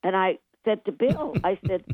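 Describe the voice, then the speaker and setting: An older woman, a songwriter being interviewed, telling animated anecdotes and acting out what people said, laughing often. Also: medium pitch, normal speed, no echo. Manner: lively anecdotes, acts out quotes, laughs often. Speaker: guest songwriter. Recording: tinny phone line, dry.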